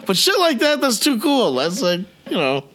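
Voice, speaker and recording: Animated man telling stories, lively pitch. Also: normal speed, background noise. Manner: animated storyteller, swears freely, acts out quotes. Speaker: podcast co-host. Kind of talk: casual chat.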